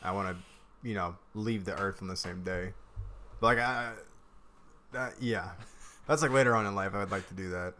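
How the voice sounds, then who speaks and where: Man, lowish voice, podcast host, casual chat, quick reactions. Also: pushed and bright, slight background noise. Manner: short reactive replies, laughing along.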